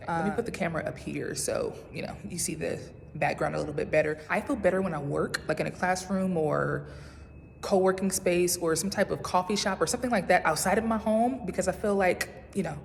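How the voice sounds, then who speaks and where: Walking on campus and slightly winded, this young doctoral student in her twenties vlogs cheerfully into her phone. She speaks on the low side with some vocal fry, and a faint hiss or hum runs under the recording.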